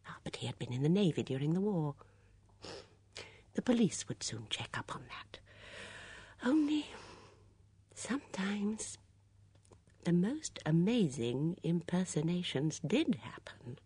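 An audiobook narrator reading a mystery novel in a measured, even storytelling manner. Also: medium pitch, slightly rough, no room sound. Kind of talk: scripted narration.

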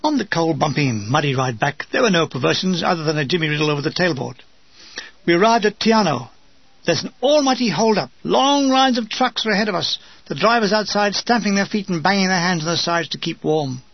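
A man reading a comic wartime memoir in a wry, deadpan way, in a dull, dry, lo-fi recording. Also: high-pitched, brisk, gravelly, husky, dry recording. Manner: wry, deadpan humor with acted asides. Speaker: memoir narrator.

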